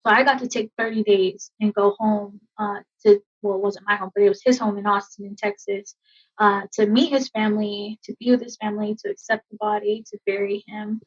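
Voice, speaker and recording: A woman army veteran in her thirties, telling a personal story in a podcast interview, emotional and halting with many fillers. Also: medium pitch, fairly even intonation, husky. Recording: dull lo-fi sound.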